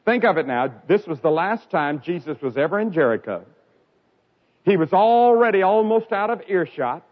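A man preaching an evangelistic sermon, telling stories dramatically and swinging from loud cries to quiet lines. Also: expressive, moderate pace. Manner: dramatic storytelling with sharp swings in pitch and loudness. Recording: dull lo-fi recording.

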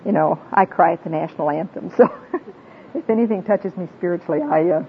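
A woman's voice: fairly quick, creaky. A woman giving a heartfelt, sermon-like talk, telling personal stories in an earnest, tearful way. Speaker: Christian women's speaker. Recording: tinny phone-like sound with faint rumble.

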